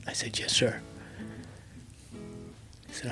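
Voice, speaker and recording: A middle-aged man with a low, gravelly voice tells a story as an interview guest. He acts out each line of dialogue and sinks to a hushed near whisper when the story turns emotional. Soft guitar plays faintly behind him. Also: steady tone, moderate pace. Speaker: interview guest, army veteran pilot.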